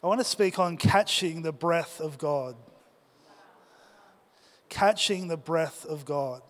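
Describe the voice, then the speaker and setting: High-voiced man preaching in a reverberant hall. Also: slow pace. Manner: lively storytelling, asks the congregation questions. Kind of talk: sermon with personal story. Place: church hall.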